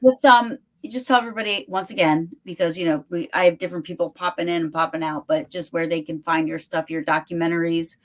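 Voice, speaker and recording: A woman's voice: on the low side, steady tone, fast, few pauses. Chatty woman hosting a casual interview. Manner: chatty, many fillers and restarts. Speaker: podcast host.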